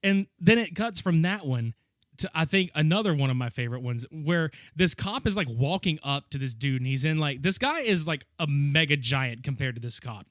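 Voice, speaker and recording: A man chats on a podcast, tearing into an old training video with loose, profane enthusiasm. His voice is bright and swings widely in pitch. The sound is dry and close, with no room echo. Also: moderate pace. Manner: profane, animated, laughs a lot. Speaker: podcast co-host. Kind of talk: casual movie-riffing chat.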